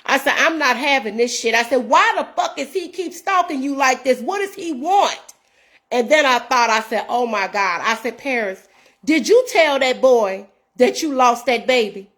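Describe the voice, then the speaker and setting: A woman's voice: sits high, expressive, moderate pace, fairly bright tone. A woman in her fifties hosting her own show, telling viewers a story in an earnest, casual way and reading out messages. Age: 50s. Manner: earnest, addresses viewers as y'all, reads out messages. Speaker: show host.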